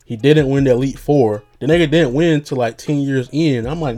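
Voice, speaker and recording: A man's voice: mid-range voice, moderate pace, few pauses, warm tone, faint music behind. A young man rambling casually as a podcast host, loose and slangy with lots of fillers and jokes.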